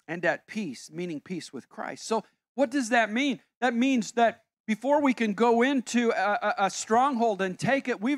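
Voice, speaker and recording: Clean studio sound with no room ambience captures a pastor in his sixties whose voice is extremely high-pitched. He preaches emphatically yet conversationally, sharing personal anecdotes and cutting himself off mid-thought.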